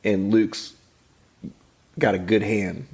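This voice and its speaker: Gravelly, husky man on a podcast. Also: lowish voice, slow pace. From Houston, Texas. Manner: relaxed, recaps scenes, laughs often. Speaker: podcast co-host. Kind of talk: casual chat about a film.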